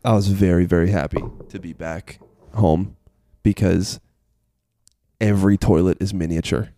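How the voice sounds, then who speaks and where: A man from the United States in a casual chat, laid-back and joking as he tells a drawn-out story. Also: sits low, fairly even intonation, warm tone, no room sound, studio quality. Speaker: podcast co-host.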